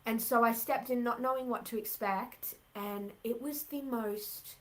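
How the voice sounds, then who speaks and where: Teen girl chatting on a podcast, says like a lot, slightly high voice. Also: steady tone, unhurried, poor audio. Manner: chatty, filler-heavy, lots of "like". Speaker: guest. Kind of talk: casual conversation.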